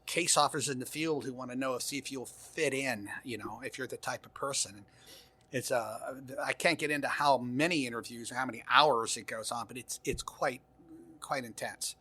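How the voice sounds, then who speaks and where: Older man with a bright voice, telling stories. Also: mid-range voice, normal speed, husky. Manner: rambling anecdotes with frequent restarts and laughs. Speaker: guest, former intelligence officer. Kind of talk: casual interview storytelling.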